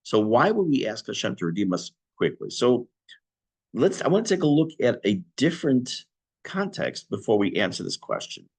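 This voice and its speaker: A man teaching an online class on prayer, reading Hebrew phrases and explaining them in English with a lively teacher's delivery. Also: medium pitch, normal speed, vocal fry, slightly rough. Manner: lively teacher's delivery, rising on key words.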